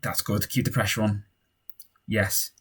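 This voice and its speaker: A young man casually commentating on his own football management game, cheering and shouting at goals and muttering in tense moments. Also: fairly low pitch, flat delivery, a little slow, husky.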